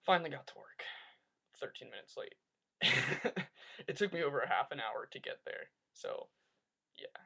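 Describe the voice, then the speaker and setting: A young man telling a rambling story to his webcam, animated and full of "like", in a casual vlog. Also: mid-range voice, moderate pace, gravelly, long pauses, breathy edge. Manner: rambling, animated rants with lots of "like". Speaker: vlogger.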